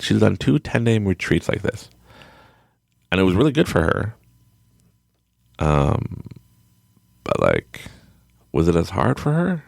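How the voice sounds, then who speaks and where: Very deep gravelly man, rambling story. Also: no room sound, studio quality. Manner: rambling, full of restarts, frank and emotional. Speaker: podcast guest. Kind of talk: casual storytelling on a podcast.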